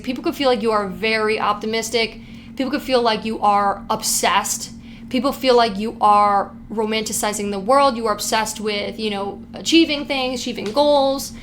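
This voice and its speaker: A fairly high-voiced woman doing a laid-back tarot reading for her viewers. She talks in an excited, hype-you-up rush, cursing freely and leaning on "like" constantly. A faint hiss of room noise sits under her voice. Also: normal speed. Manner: hyped, profane, heavy use of "like". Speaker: tarot reader. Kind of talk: casual pick-a-card tarot reading.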